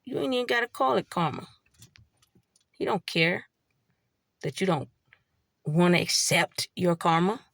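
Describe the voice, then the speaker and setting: A woman's voice: fairly low pitch, lively intonation, a little slow, creaky, long pauses, no echo, clean studio sound. A woman giving a blunt, heavily profane spiritual monologue in a preachy way. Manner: blunt, heavy swearing, preachy. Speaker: spiritual vlogger.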